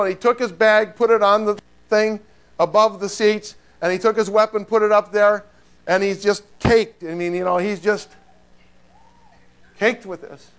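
Male pastor, higher register, emphatic sermon storyteller. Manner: emphatic storytelling preacher, dropping to hushed prayer.

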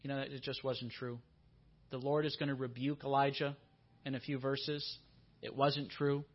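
A man's voice: medium pitch, little pitch movement, moderate pace, husky, dull audio. A man preaching a sermon in a church, earnest and given to repeating his questions for emphasis.

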